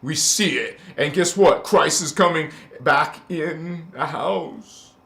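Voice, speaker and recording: A man hosting a spiritual channel, scolding and preaching with sudden loud chanted words and many hesitations. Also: a little high, slow pace, vocal fry. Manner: hesitant, many fillers and restarts. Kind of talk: confrontational spiritual monologue. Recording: echoey room.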